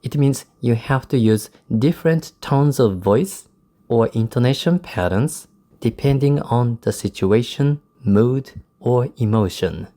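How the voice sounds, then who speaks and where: A man's voice: medium pitch, lively intonation, unhurried, warm tone. A man whose first language is Japanese, teaching English speaking in a recorded lesson and explaining how to use varied intonation. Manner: explanatory, demonstrates intonation in quoted examples. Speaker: English test tutor.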